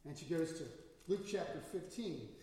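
A man's voice: fairly high pitch, normal speed, warm tone. A man as pastor, preaching a sermon in a church with storytelling that rises to emphatic bursts. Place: church sanctuary. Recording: echoey hall from far off.

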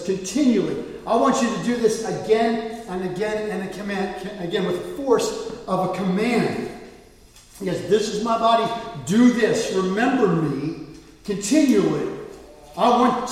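A man preaches a sermon to his congregation, his fairly high voice swinging between soft asides and forceful, emphatic lines. He sounds distant from the microphone, and a long reverb hangs on every word in the big hall. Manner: earnest preaching, shifting from quiet asides to emphatic quotes. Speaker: pastor. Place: church sanctuary. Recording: echoey hall, voice from far off.

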